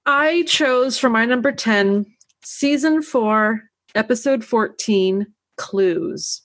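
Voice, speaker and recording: A woman co-hosting a podcast, talking in a relaxed way with fillers as she introduces and summarizes an episode. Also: on the high side, slow, no room sound. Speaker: podcast co-host. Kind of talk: casual podcast chat.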